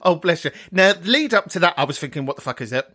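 A man's voice: a little high, expressive, fast talker, background noise. Giggly, sweary man hosting a podcast. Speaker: podcast host. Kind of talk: casual chat reacting to voicemails.

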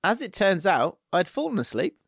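A man's voice: on the high side, expressive, brisk, no echo, studio quality. A man hosting a casual podcast, chatty and laughing as he reads listener messages aloud. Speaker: podcast host.

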